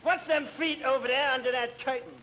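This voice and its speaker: A man's voice: extremely high pitch, fairly even intonation, brisk, muffled recording, crowd noise. A man playing a dim, blunt guy, tacking "see?" onto his lines. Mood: gruff. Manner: gruff, blunt, adds "see?". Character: big dim tough-guy male brute. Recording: scratchy 1940s radio, studio audience.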